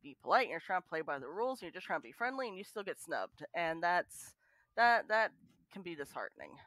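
A woman's voice: fairly low pitch, sing-song, a little fast, a bit bright, no room sound. A woman guest on a podcast, chatting casually and emphatically with many filler words.

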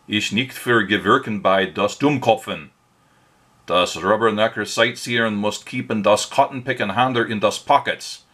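A man's voice: on the low side, fairly bright tone, voice pushed up. Guy doing a fake german warning-sign guy, bossy and barky, voice pushed way up. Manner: barking, officious mock-German declaiming. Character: stern mock-German male computer-room warning announcer.

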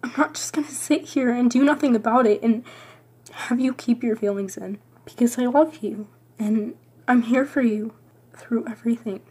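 Woman playing a soft, insistent loyal friend, husky and high. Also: moderate pace. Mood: reassuring. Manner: gentle, insistent and reassuring. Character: caring young woman, loyal best friend.

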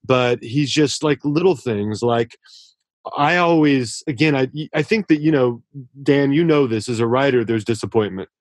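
A man's voice: medium pitch, normal speed, no room sound. A man speaking as a guest author in a casual podcast interview, earnest and effusive, often restarting his sentences.

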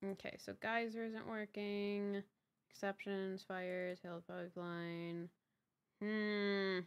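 A young woman streaming a game speaks at medium pitch in a level tone and slow pace, on dull audio with a noisy background. Chatting casually, she exclaims, repeats herself, curses when things break and greets viewers by name.

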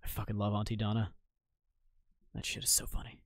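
A man's voice: on the low side, completely flat delivery, brisk, dry recording. A young man from Maine chatting casually on a live game stream. He reacts to chat with jokes and swears freely. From Maine, United States.

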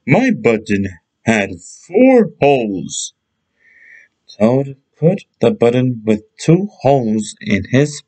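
Slow, expressive man reading a bedtime story. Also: medium pitch, breathy edge, rough recording.

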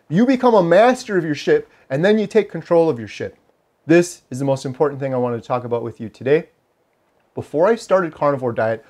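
A lifestyle vlogger in his forties talks casually to camera in a slightly high, darkish voice. His manner is earnest, preachy and motivational, and he often repeats phrases for emphasis.

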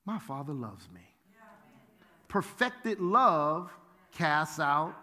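Animated preaching man, high and bright. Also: very slow. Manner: animated preaching with shouted exclamations and storytelling. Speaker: pastor. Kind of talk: sermon. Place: church sanctuary. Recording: long church-hall reverb.

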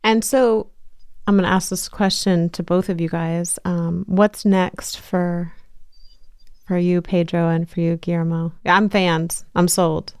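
A woman's voice: lowish voice, flat delivery, a little slow, a little mellow, smooth. A woman hosting a casual podcast interview, bubbly and gushing, laughing often. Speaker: podcast host.

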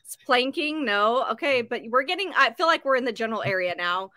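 A woman's voice: on the high side, animated, fairly quick, pushed and bright. A woman co-hosting a live show, chatty and encouraging as she quizzes viewers. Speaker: health segment co-host. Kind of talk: casual live-stream chat.

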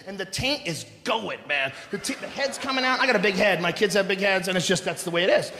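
Middle-aged guy doing stand-up, yelling crude punchlines, high-pitched voice, big echoey hall with crowd noise. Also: fast. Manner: loud, profane, shouting punchlines. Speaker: stand-up comedian. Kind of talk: stand-up comedy routine. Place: large theater stage before a live audience.

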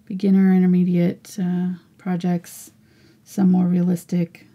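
A woman in her forties teaching a live painting lesson, chatty and encouraging, often slipping into soft whispers as she works. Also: on the low side, completely flat delivery, a little slow. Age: 40s. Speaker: art teacher.

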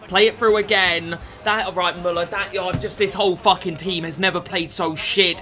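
A young man giving football video game commentary, swearing often and shouting at the game. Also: high voice, fairly even intonation, moderate pace, few pauses. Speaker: gaming YouTuber.

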